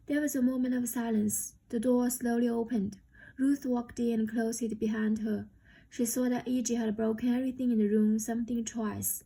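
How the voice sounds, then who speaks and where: A woman reading a novel aloud in steady storytelling narration. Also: on the high side, moderate pace, gravelly, slightly rough, low-quality recording. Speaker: reader. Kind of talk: audiobook narration.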